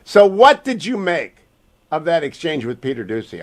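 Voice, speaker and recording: A male talk radio host with a somewhat high voice. He talks emphatically and with energy, and throws in quick asides. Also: very animated.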